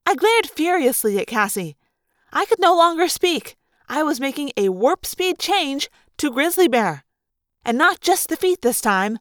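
A woman reading a first-person story aloud with animated, dramatic expression. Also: sits high, measured pace, no room sound, clean studio sound. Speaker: audiobook reader.

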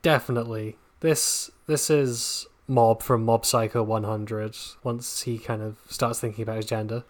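A woman co-hosting a podcast in casual chat, making dry, deadpan jokes. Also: a bass voice, moderate pace. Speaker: podcast co-host.

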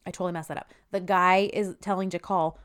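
A woman's voice: fairly low pitch, steady tone, quick pace, a bit bright, clear, resonant tone. A woman chatting casually as a co-host, animatedly retelling TV scenes and acting out the characters' lines. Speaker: co-host recapping a TV series.

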